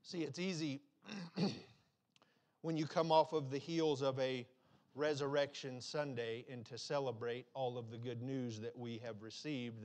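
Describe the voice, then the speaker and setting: A man preaching a sermon, stacking repeated phrases and restarting as he builds his point. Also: mid-range voice. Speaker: pastor.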